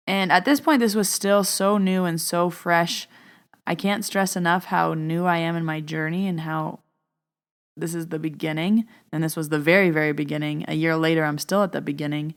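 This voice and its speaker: A young adult woman who hosts a podcast, telling a personal story in an animated way and acting out the voices of the people in it. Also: deep voice, normal speed, clean tone. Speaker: podcast host and medium.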